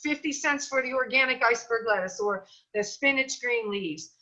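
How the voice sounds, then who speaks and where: A middle-aged woman chatting as an interview guest, talking in an animated, storytelling way with plenty of fillers. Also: fairly high pitch, moderate pace, dull audio. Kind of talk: casual interview chat.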